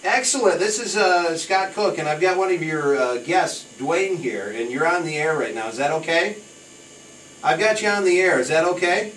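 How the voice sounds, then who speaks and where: A man hosting a radio show in casual on-air chat, lively and emphatic, laughing often. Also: fairly high pitch, normal speed. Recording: echoey, distant, faint noise.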